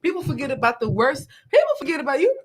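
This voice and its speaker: Young woman, lively joking, slangy, fairly high voice. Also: racing. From North Carolina. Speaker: podcast co-host. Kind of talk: casual chat.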